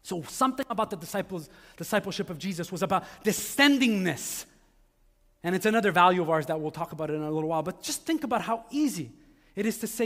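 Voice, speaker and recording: A man's voice: sits high, a little fast, a bit bright. A man preaching a sermon as pastor, talking in a loose conversational way and acting out the voices of the people he quotes. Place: church sanctuary. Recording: long reverb of a large hall.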